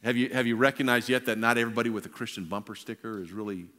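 Pastor in his sixties, bright ringing voice. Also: mid-range voice, rapid-fire. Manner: storytelling, swings from loud to hushed. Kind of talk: sermon. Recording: long reverb of a large hall.

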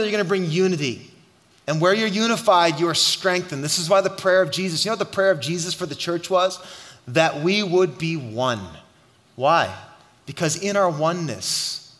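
A middle-aged man, a pastor preaching a sermon and telling stories in an animated way. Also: fairly high pitch. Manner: animated storytelling, shouting at the climax. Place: church hall. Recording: long hall reverb.

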